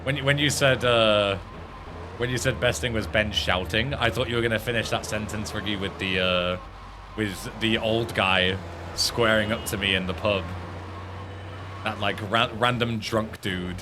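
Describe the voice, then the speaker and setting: A man's voice: fairly low pitch, a little slow, noisy background. An English man streaming a game, chatting casually and telling a story with lots of swearing. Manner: animated storyteller who swears freely. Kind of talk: casual chat while gaming.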